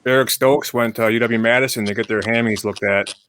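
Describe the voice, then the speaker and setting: A man hosting a podcast, talking in a relaxed, conversational way. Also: mid-range voice, a little fast, clean tone. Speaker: podcast host. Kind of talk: casual chat.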